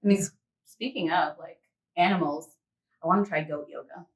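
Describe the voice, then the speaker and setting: A woman's voice: fairly low pitch, moderate pace. A woman guest in a casual interview, chatty and laughing often, acting out little quotes as she talks. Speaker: interview guest, fitness model. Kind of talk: casual chat. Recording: echoey room, distant mic.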